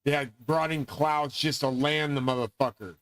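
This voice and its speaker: A man's voice: mid-range voice, steady tone, moderate pace, fairly bright tone, dry recording, low-quality recording. A middle-aged man delivering a rambling, profane, grandiose monologue as host of his own channel.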